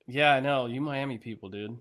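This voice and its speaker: Man, mid pitch, easygoing agreeable podcast co-host, gives advice. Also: a little fast, fairly bright tone. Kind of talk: casual chat.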